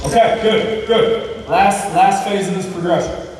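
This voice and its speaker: A man's voice: high voice, unhurried, distant mic, background noise. Man coaching in an echoey gym. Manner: calls out short commands and praise. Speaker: basketball coach. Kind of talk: coaching a drill on court. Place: large gym.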